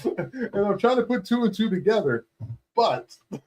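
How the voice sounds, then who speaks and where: A man co-hosts a podcast and keeps egging his partner on between bursts of laughter. His voice is high and husky. He swings through a very lively melody. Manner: laughing a lot, egging the other on. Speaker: podcast co-host. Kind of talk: comic podcast banter.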